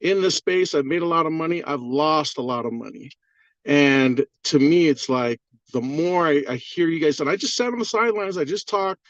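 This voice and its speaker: Brief: excitable man, higher voice, swears freely, muffled dry video-call audio. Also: moderate pace, no echo. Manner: profane, rambling, fired-up. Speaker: caller on a community call. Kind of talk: excited testimonial on a group call.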